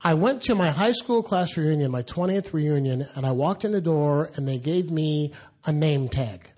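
A man's voice: on the high side, normal speed. A middle-aged man from the California Bay Area, a guest speaker telling funny stories to an audience and acting out the quotes. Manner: animated, laughing storyteller who acts out quotes. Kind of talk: storytelling talk.

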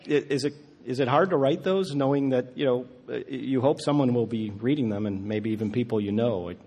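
A man's voice: medium pitch, a little fast, a little mellow, husky. A man interviewing an author in front of an audience, joking dryly and stumbling into restarts as he asks his questions. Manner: wry, joking, hesitant restarts. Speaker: interviewer, event host. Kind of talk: conversational interview. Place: live event before an audience. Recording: reverberant hall.

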